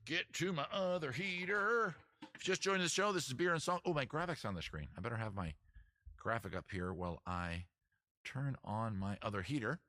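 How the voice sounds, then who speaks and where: A man's voice: fairly low pitch, very animated, brisk, pushed and bright, dry recording. A man hosting a casual live-stream at home outdoors, joking and rambling in a self-mocking way. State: out of breath. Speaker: livestream host, musician. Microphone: camera mic, moves away from it.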